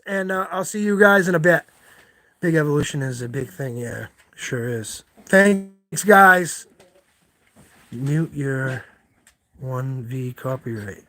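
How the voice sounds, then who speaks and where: A man's voice: sits high, pushed and bright. A man hosting a live stream, rambling as he answers chat comments one by one and thanking his viewers again and again in a casual, earnest way.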